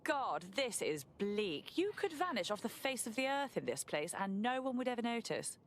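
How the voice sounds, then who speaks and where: A wary undercover operative who questions people with grim unease. Her pitch moves a lot. A faint rumble lies under her voice. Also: very animated, normal speed.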